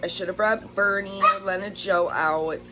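A woman's voice: mid-range voice, steady tone, unhurried, heavy background noise. A woman chatting casually while unboxing bird toys, gushing over them and talking to her pet birds at home. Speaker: bird rescue vlogger.

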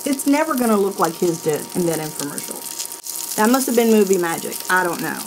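A woman's voice: fairly low pitch, expressive, brisk, background noise. Woman, non-native English speaker, casual review host: blunt, laughs often, swears freely, recorded at home. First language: not English. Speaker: host of a product review channel. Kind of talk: casual product review vlog. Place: indoors at home, in her office.

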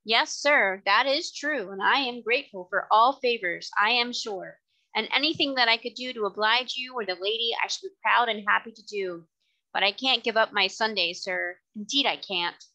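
A woman's voice: a little high, moderate pace, bright, forceful tone, rough recording. A woman reading the part of an earnest, devout middle-aged cabman in her own light voice, in a plain, respectful tone.

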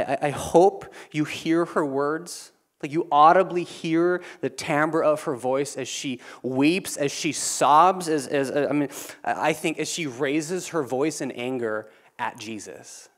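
A man preaching a sermon in a casual, conversational way, swinging between loud emphatic lines and quiet, low asides. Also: a little slow. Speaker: pastor.

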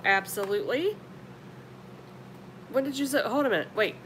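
A woman, chatting casually on a live stream and greeting viewers with affectionate pet names. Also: normal speed. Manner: chatty, affectionate, calls viewers honey and sweetie. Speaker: live-stream beauty vlogger. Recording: noisy with low rumble.

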